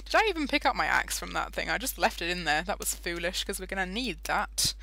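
Bright chatty British woman gamer. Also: on the low side, very animated, brisk, vocal fry. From Britain. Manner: chatty, giggly, easily sidetracked. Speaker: Minecraft let's-play host. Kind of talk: casual gameplay commentary.

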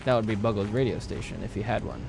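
A man's voice: lowish voice, expressive, fast talker, gravelly, noisy background. A man streaming a game and chatting with friends in a casual, joking way, swearing freely. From Pacific Northwest. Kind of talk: casual gaming chat with friends.

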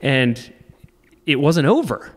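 A man in his thirties recounts a frightening personal story, stopping and restarting his phrases as he goes. His pitch sits in a middle range, and his delivery stays intense and earnest. A long reverb trails his voice, as if he were recorded in a large, echoing space. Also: sing-song, slow pace. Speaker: podcast guest, off-road racer.

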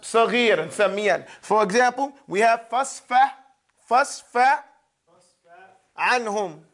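High-voiced man teaching recitation patiently. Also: animated, a bit bright. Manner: patient and repetitive, drilling sounds slowly; checks in with listeners often. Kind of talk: classroom lesson.

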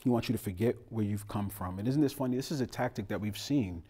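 A man's voice: on the low side, fast, breathy edge. A man preaching a sermon as pastor, telling funny family stories in a casual, colloquial way and talking straight to the congregation. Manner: animated, joking storytelling with a casual, colloquial delivery; talks directly to the congregation.

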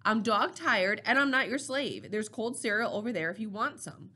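A woman's voice: on the high side, animated, normal speed, sharp tone. A woman reading the lines of a troubled, defensive teenage boy in a storybook. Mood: sullen.

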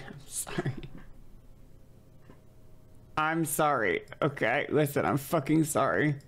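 Woman streamer, exasperated venter who swears freely, gravelly low voice. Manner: exasperated, swearing, venting loudly. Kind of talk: casual live-stream chat.

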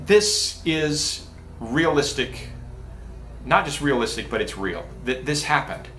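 A man's voice: medium pitch, fairly bright tone, a little hiss or hum. A man pastor giving a casual, conversational sermon with many restarts and asides. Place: church sanctuary. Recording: echoey church room.

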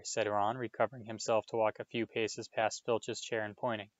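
A man with a lowish voice reads a children's novel aloud as an audiobook narrator, at normal speed with little pitch movement. His storytelling is plain, with small restarts, and he lifts his voice for the dialogue. The recording has no room sound and the highs are cut off.

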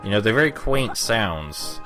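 Young male let's-play narrator, low voice, dry sarcastic rambling, soft game music underneath. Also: expressive, measured pace. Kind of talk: gameplay commentary.

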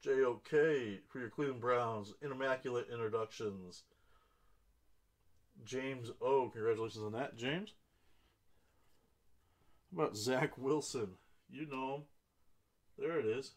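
An unhurried man hosting a live card break, calling out each card and the buyer it goes to in a middle-pitched voice. He breaks into excited exclamations whenever a big hit turns up. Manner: reads out cards and buyers' names, bursts into excited exclamations.

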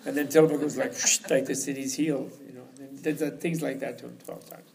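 A man's voice: mid-range voice, fairly even intonation, fast, creaky, warm tone. A man giving an informal teaching talk at a retreat, rambling and chuckling as he tells stories. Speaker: lecturer. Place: retreat hall.

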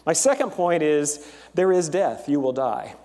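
A man gives a relaxed, chatty sermon from the pulpit, slipping in fillers and telling jokes with animated energy. His voice sits a little high for a man. The sound rings with the long reverb of a large church hall. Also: a little slow, a crowd in the background. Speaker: pastor.

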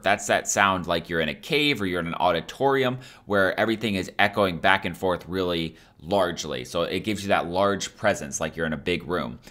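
A man hosting a software tutorial, explaining each step in a casual, upbeat way. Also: sits low. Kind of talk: screen-recorded software tutorial.

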